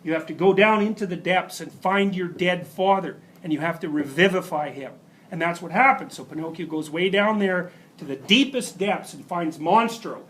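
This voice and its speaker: A man's voice: high-pitched, fairly bright tone, low-quality recording. A man giving a university lecture, telling stories emphatically with rhetorical questions and asides. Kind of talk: classroom lecture.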